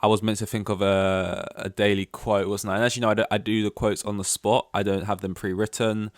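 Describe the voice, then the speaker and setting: Young guy chatting solo on his podcast, lots of ums and restarts, kinda low smooth voice. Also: level tone, brisk, no echo, clean studio sound. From London. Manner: rambling, self-deprecating, many fillers and restarts. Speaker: podcast host. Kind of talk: casual solo chat.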